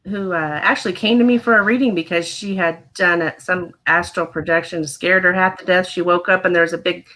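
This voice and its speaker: A woman's voice: fairly low pitch, steady tone, a little fast, hardly any pauses, bright, forceful tone, poor audio. A woman from Missouri, a tarot card reader guest, answering hesitantly with many ums. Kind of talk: casual interview.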